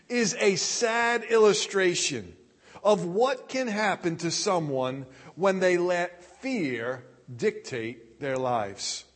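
Male pastor, high register, slow deliberate sermon delivery, echoing hall reverb. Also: breathy edge. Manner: deliberate preaching, reading scripture aloud.

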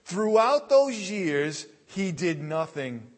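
Male pastor, high register, slow deliberate sermon delivery, echoing hall reverb. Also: very animated. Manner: deliberate preaching, reading scripture aloud.

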